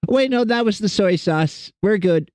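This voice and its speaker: A man's voice: sits high, animated, measured pace, darkish tone, dry recording. A man streaming and chatting casually with his viewers, rambling and self-deprecating as he greets people in chat.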